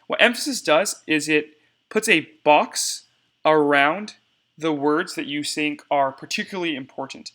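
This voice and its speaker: A man's voice: on the high side, measured pace, sharp tone. A young man giving a casual step-by-step screencast tutorial on cutting debate cards, talking to viewers as y'all.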